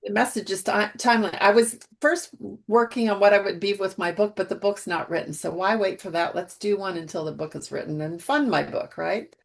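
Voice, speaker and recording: Excited woman with a gravelly edge. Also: mid-range voice, fairly quick, hardly any pauses. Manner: excited, talkative. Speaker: workshop participant. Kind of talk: casual chat on a video call.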